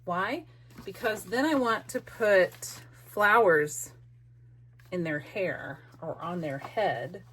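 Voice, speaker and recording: A woman's voice: lowish voice, slow, fairly bright tone, breathy edge. A middle-aged woman hosting a craft video, chatting playfully and teasing herself as she works. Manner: chatty, self-mocking, playful. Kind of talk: casual crafting narration.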